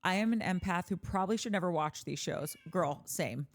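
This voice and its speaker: A woman co-hosting a casual chat show, reading listener comments aloud with quick animated asides. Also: lowish voice. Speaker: podcast co-host.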